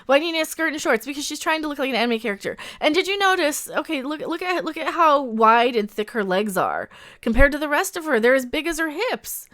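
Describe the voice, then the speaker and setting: A woman hosting a casual live reaction stream, sarcastic, laughing often and bursting into loud exclamations. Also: sits high, expressive, fairly quick. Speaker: livestream host reacting to a trailer.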